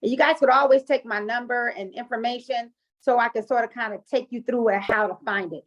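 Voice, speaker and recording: A woman leads a group coaching call, animated and chatty with lots of fillers. Her voice sits fairly high. The sound is dull and lo-fi, like audio from an online call. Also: brisk. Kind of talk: coaching talk and personal storytelling.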